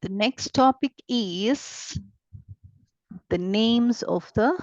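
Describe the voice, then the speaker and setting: A woman with an Indian English accent teaching a beginners' German lesson, patiently repeating each word slowly. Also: fairly high pitch, no room sound. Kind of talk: slow online language lesson. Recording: dull lo-fi dry sound.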